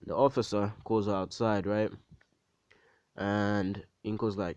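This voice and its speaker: A man's voice: lowish voice, little pitch movement, slow, long pauses, darkish tone, clean tone, dry recording, low-quality recording. A man casually retelling a fan story in a rambling way, full of fillers.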